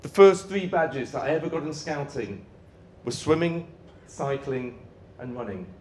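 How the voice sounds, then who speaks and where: A man's voice: medium pitch, measured pace, slight background noise. A middle-aged man, giving a live conference talk and leading the audience in playful chants. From Yorkshire, England. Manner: energetic, playful crowd-warming with shouted chants. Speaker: motivational speaker.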